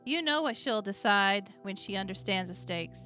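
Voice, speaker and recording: A woman's voice: mid-range voice, animated, moderate pace, pushed and bright, faint music behind. A woman reading a charming young king. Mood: wry.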